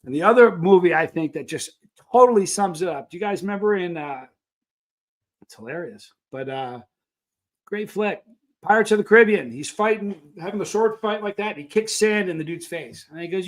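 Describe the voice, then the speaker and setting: A man's voice: high voice, normal speed. A man hosting a live chat stream, rambling casually and greeting viewers by name. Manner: rambling, animated, reads out viewer names. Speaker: livestream host.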